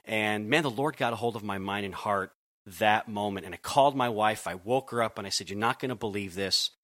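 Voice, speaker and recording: A man from Connecticut, working as a youth pastor, speaks in a lowish, bright voice on a dry, close recording. He tells his story earnestly and in a conversational way, often restarting his sentences. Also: fairly quick, dry recording. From Connecticut, USA. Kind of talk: conversational podcast interview.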